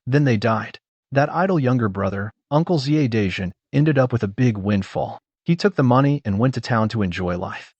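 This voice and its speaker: A man's voice: medium pitch, animated, moderate pace, darkish tone, no echo, dull audio. A gossiping village man. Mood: gossipy. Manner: gossipy storytelling. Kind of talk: dubbed drama acting.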